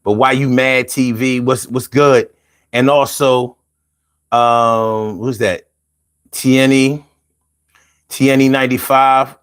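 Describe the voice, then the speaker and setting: A man hosting a casual call-in show, animated and playful, chanting lines rhythmically and chatting with viewers. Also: medium pitch, takes it slowly, pauses often, clear, resonant tone. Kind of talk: casual livestream talk.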